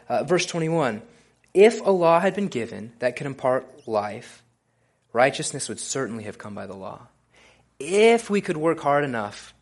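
Casual, easygoing male preacher. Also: mid-range voice. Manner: casual, relaxed delivery with frequent fillers and restarts. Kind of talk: conversational sermon.

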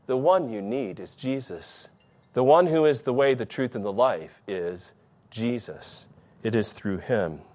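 An earnest male pastor delivering a sermon at a mid pitch. He pushes key phrases up with emphasis, then sinks into low, quiet lines. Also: animated, unhurried. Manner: earnest preaching, swings between raised emphatic phrases and low quiet ones.

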